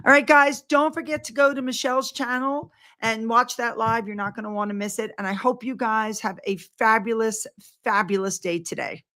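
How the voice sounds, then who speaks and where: A woman's voice: on the high side, fairly even intonation, moderate pace, bright, forceful tone. An older woman chatting casually to her viewers in a rambling, effusive way. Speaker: vlogger.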